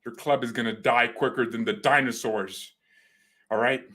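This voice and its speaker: A man hosting a football fan channel, talking in an excited, joking way and sometimes shouting. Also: mid-range voice, moderate pace. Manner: hyped and joking, shouting at times. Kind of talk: excited casual commentary.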